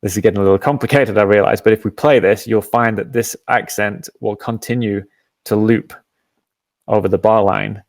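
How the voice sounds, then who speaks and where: A man hosting a live app demo, patiently explaining each step and often pausing with "um". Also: fairly low pitch, fairly even intonation, no echo. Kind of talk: software demo and Q&A.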